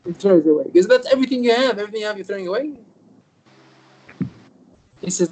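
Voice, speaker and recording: A man's voice: high voice, fast, pauses often, a little hiss or hum, poor audio. A man, a rabbi, giving an informal Torah lesson over a video call, telling stories and acting out the dialogue, with Hebrew terms mixed in. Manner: animated storyteller, acts out quoted dialogue, mixes in Hebrew terms.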